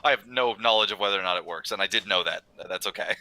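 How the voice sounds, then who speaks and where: A man playing a tabletop role-playing game, talking in an animated, joking way. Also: on the low side, quick pace. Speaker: player. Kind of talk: casual tabletop play.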